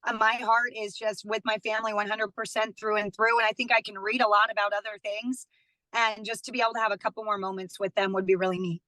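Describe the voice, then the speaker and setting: A woman's voice: medium pitch, little pitch movement, fast, pushed and bright, no echo, poor audio. A woman in her thirties, a studio guest, chatting casually and laughing often as she tells personal stories. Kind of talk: casual chat.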